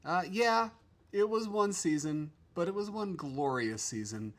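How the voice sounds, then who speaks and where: A man's voice: high voice, animated, measured pace. A man hosting a casual livestream from a home studio, chatting loosely, trailing off and restarting his sentences. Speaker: livestream host.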